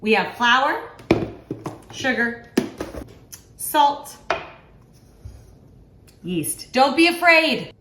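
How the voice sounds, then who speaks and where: A woman's voice: sits high, big pitch swings, drawn-out words, long pauses, pushed and bright, reverberant. A middle-aged woman, a home cook and author, chatting casually and self-deprecatingly to the camera as she cooks in her home kitchen. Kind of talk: casual cooking vlog.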